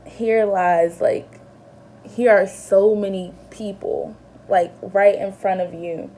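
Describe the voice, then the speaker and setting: A woman's voice: medium pitch, fairly even intonation, slow, dark tone, a little hiss or hum. A young woman vlogger telling a personal story in an earnest, emotional way, with lots of fillers and restarts. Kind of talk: casual storytelling to camera.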